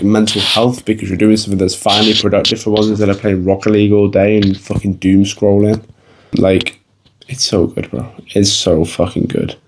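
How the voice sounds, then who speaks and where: A man's voice: fairly low pitch, a little mellow. A young man gives blunt, casual fitness advice to the camera, swearing freely and calling the viewer bro. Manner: blunt, swears a lot, says bro often. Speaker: fitness vlogger. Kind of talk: casual motivational talk to camera.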